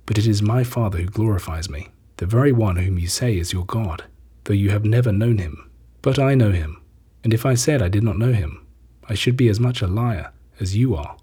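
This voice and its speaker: A man reading scripture, giving Jesus's lines in a measured, solemn way. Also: fairly low pitch, dark tone, husky. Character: Jesus, a calm, authoritative teacher, adult man.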